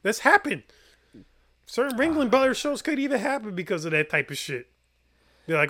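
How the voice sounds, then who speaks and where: A man's voice: sits high, sing-song, normal speed, pauses often, pushed and bright. A man co-hosting a casual podcast, tossing out blunt, crude wisecracks. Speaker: podcast co-host.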